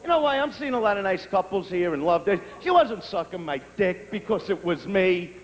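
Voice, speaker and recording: Brash high-pitched man shouting stand-up. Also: animated, brisk. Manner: brash, profane, bursts into shouting. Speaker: stand-up comedian. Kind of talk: live stand-up routine. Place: stage before a live audience. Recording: reverberant live venue with crowd.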